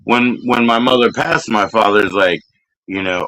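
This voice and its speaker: A man's voice: lowish voice, measured pace, bright, forceful tone, rough recording. A middle-aged man hosting a casual streamed chat, rambling with restarts, laughing and acting out what people said. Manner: rambling, laughing, acts out quotes. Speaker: podcast host. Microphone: streaming call mic.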